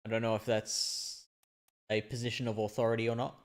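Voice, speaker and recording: A man giving live gameplay commentary at a middle pitch, musing and chatty. He thinks aloud, often restarting his sentences as he works things out. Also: level tone, a little fast. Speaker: streamer.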